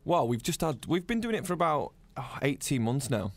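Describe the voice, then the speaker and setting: A man's voice: on the high side, big pitch swings, a little fast. A northern English man in a band, chatting as an interview guest and telling stories with lots of restarts. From northern England. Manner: chatty storyteller, rambling with many restarts. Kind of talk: casual interview chat.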